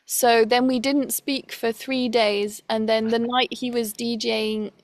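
A woman telling a personal story in a relaxed, rambling way, often quoting what others said and switching into French for a phrase. Her voice sits fairly high but stays flat and even. The recording is dry and close, with no room sound. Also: slow, no echo. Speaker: person recounting a breakup.

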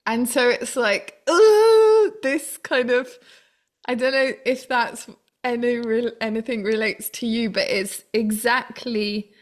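Brief: chatty woman, expressive storyteller, higher pitch. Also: a little slow. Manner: animated storytelling with laughs and exclamations. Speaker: single mother in a dance class. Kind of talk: casual chat.

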